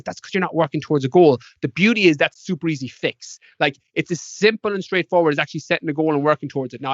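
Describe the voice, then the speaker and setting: Fast-talking energetic man coach. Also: on the high side, no room sound, lo-fi sound. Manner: energetic, full of restarts, acts out clients. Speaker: podcast guest, mindset coach. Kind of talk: casual conversation.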